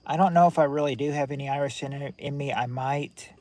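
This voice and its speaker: A man's voice: medium pitch, fairly even intonation, brisk, warm tone. A man hosting a livestream, chatting casually and rambling with viewers at home at night. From United States. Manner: rambling, chatty, restarts often. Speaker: livestream host. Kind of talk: casual chat with live viewers. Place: at home indoors with lights on at night.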